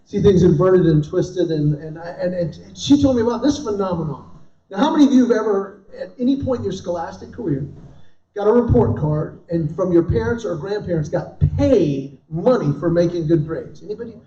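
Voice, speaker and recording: A man's voice: high voice, expressive, a little fast, warm tone. A middle-aged male comedian telling punchy, self-deprecating stories to a live crowd and tossing questions to the audience. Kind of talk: stand-up storytelling. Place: event hall. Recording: roomy, distant, dull live recording.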